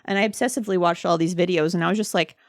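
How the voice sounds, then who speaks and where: A woman's voice: fairly low pitch, fairly even intonation, racing, dry recording, studio quality. A woman co-hosting a podcast, telling stories in casual chat and laughing through her words. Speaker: podcast co-host.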